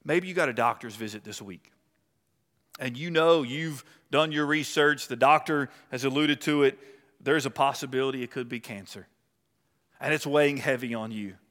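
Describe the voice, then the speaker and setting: A man preaching a sermon with impassioned delivery, swinging between loud and hushed. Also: mid-range voice, moderate pace. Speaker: pastor. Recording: long reverb of a large hall.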